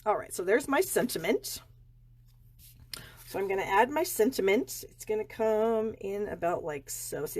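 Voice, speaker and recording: A woman's voice: mid-range voice, darkish tone, breathy edge. A middle-aged woman chatting and rambling casually as she hosts a card-making live stream from her home craft room.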